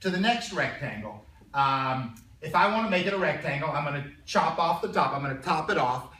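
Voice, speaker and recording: A male math teacher lecturing a classroom in a conversational way, often clearing his throat and checking in with his students. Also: a little high, lively intonation, a little fast, sharp tone, slight background noise. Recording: roomy classroom sound from a distance.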